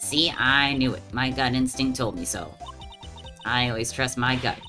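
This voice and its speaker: Guy putting on a brash scruffy game cop, loud and blustery, "pal" type, music playing under it. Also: mid-range voice, moderate pace, close to an everyday voice. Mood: blustering. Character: brash scruffy male police detective. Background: background music.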